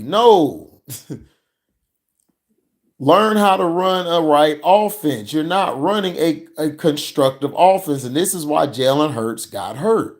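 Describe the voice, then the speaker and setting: Heated, slow-talking sports ranter. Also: male voice, on the high side, animated. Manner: heated, profane, mocking. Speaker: sports commentary vlogger. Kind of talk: ranting football reaction commentary.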